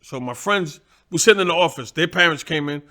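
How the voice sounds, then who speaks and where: An older man, a former boxer, telling stories in casual chat, animated and profane, acting out voices and sounds as he goes. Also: fairly high pitch, brisk. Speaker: guest, former boxer and trainer.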